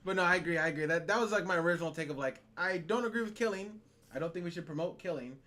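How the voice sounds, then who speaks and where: Animated, swearing man hosting a podcast. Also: sits high, very fast. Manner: animated, profane, laughs often. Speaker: podcast host. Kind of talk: casual podcast chat.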